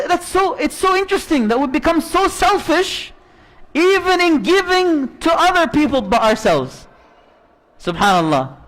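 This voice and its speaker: A male preacher with a very high voice tells a story within his sermon in an animated, conversational style.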